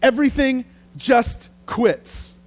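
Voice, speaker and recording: A man preaching a sermon as pastor, telling the story in a lively, conversational way. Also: extremely high pitch, slow pace.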